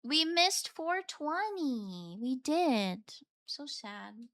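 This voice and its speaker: A woman's voice: sits high, very animated, drawn-out words, a bit bright, no echo, clean studio sound. A woman chatting casually on a live stream, reading and answering her chat in a playful, meowing way. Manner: playful, chatty, meows between chat replies.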